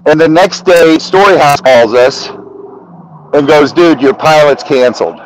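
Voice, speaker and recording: A man on a podcast telling a story in casual, animated talk, swearing often and acting out the dialogue. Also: on the high side, a little slow, slight background noise, poor audio. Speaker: podcast guest.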